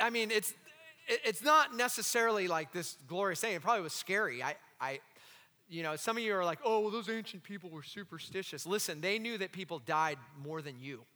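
A male pastor preaching an impassioned sermon, swinging from loud cries down to hushed, intense lines and acting out the voices he quotes. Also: on the high side, long reverb tail.

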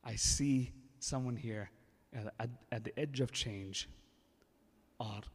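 A man's voice: mid-range voice, unhurried, breathy edge. A man preaching a sermon with testimony, emphatic and acting out quoted dialogue. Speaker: pastor. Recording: echoey hall with long reverb.

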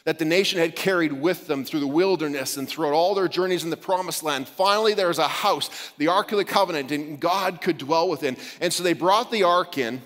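A man with a fairly high voice preaches to his congregation in an easy, conversational way, joking now and then and restarting his sentences. His words ring out with the long reverb of a large church hall. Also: a little fast, few pauses, fairly bright tone. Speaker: pastor. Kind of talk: sermon. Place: church sanctuary.

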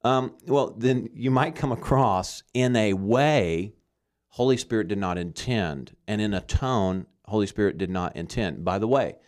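Earnest low-voiced man teaching. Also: measured pace, a little mellow. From Arkansas. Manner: earnest, emphatic, frequent "okay?" check-ins. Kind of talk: conversational Christian teaching.

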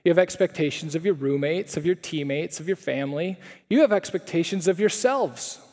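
Conversational preacher in an echoing hall. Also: male voice, a little high, brisk, darkish tone. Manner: conversational, with rhetorical questions. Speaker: pastor preaching at a chapel. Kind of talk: sermon. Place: chapel hall. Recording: reverberant chapel hall.

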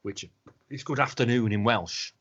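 A man's voice: medium pitch, normal speed, fairly bright tone, muffled recording. A man co-hosting a casual podcast chat, rambling and sweary, often slipping into mock voices. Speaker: podcast co-host.

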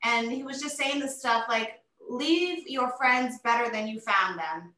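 Bright, high-voiced woman in an echoey room. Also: measured pace. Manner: animated, emotional storytelling with many fillers. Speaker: interview guest, retired wrestler. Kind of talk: casual interview chat.

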